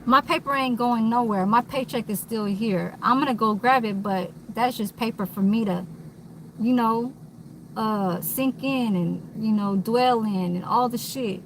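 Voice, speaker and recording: A woman's voice: on the high side, a little slow, a little hiss or hum, rough recording. A woman vlogging in a candid, rambling monologue, blunt and swearing freely, recorded inside a vehicle.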